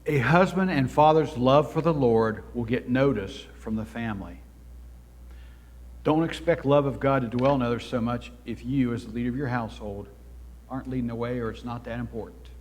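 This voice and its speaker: A man's voice: medium pitch, moderate pace. Earnest man preaching in a reverberant hall. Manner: earnest, exhorting, swells louder for emphasis. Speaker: pastor. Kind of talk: sermon. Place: church sanctuary.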